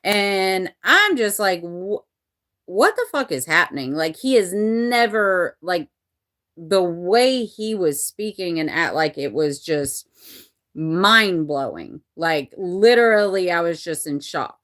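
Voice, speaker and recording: A woman's voice: lowish voice, animated, takes it slowly, a bit bright. A woman in her forties telling a personal story in a candid, rambling way, swearing freely. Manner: rambling and candid, with frequent profanity and restarts.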